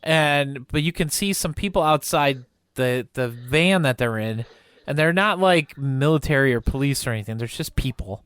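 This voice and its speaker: Chatty male podcast co-host, smooth voice. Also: mid-range voice, normal speed, no room sound, studio quality. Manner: relaxed and chatty, laughs often. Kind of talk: casual chat.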